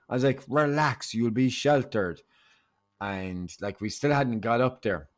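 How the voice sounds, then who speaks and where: A man's voice: fairly low pitch, animated, unhurried. An Irish man, a podcast guest, telling a story in casual chat and acting out the dialogue. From Ireland.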